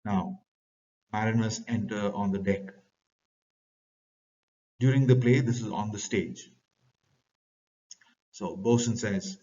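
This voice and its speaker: A man's voice: steady tone, slow pace, pauses often. A man with an Indian English accent teaching a play to students, reading its lines aloud and then explaining them in plain words. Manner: reads quoted lines louder and higher, then paraphrases plainly. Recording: lo-fi, distant from the mic.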